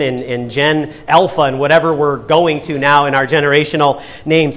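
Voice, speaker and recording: Delivering a sermon from the pulpit, this young pastor speaks in a fairly high voice. Slow, gentle emphasis gives way to brisk, animated asides, and he momentarily voices characters as he tells stories.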